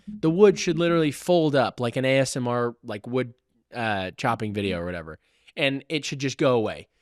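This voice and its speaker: A man's voice: medium pitch, no room sound, clean studio sound. A young man, a woodworking student, animatedly telling a story in a casual podcast chat and laughing often between sentences.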